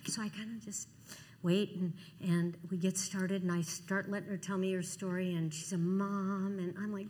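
A woman in her sixties giving a lively testimony sermon, acting out the people in her stories. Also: medium pitch, moderate pace, in a large hall. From Cleveland. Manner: animated storytelling, acting out dialogue. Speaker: Christian speaker.

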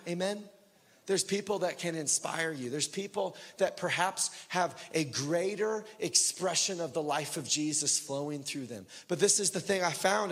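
A young man preaching a sermon in a casual way, telling a personal story, full of fillers, swinging from loud bursts to hushed, quiet lines. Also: fairly high pitch. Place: church hall. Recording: long hall reverb.

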